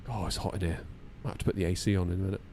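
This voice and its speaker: Here a low, warm, steady-toned male voice comes at a rapid-fire clip over a faint hiss or hum. He's a thirtysomething flight sim streamer bantering jokily with his live audience, self-mocking as he works through checklists in his home simulator room.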